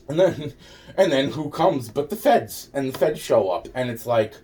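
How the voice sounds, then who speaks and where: A man's voice: mid-range voice, animated, measured pace, warm tone, far from the mic, slight background noise. A man telling a rambling, profane personal story with sarcastic asides.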